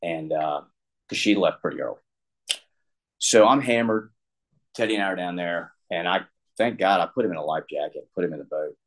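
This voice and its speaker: A middle-aged man with a very low, deep voice tells a personal story candidly. He rambles and often restarts his sentences. His tone toward himself is self-deprecating. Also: moderate pace, pauses often, rough recording. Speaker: guest sharing recovery story.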